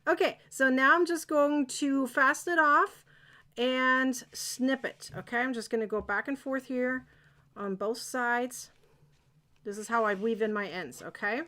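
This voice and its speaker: A woman leads a live crochet tutorial in a chatty, excitable way, stopping often to check that everyone is keeping up. Her voice sits a little high. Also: a little slow. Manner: chatty, encouraging, excitable, asks viewers if they follow. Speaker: crochet teacher.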